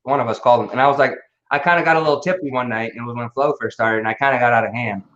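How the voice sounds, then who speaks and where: A man co-hosting a casual livestream, talking in a profane, rambling, excitable way. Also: mid-range voice, racing. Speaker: livestream co-host. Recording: lo-fi roomy online stream audio.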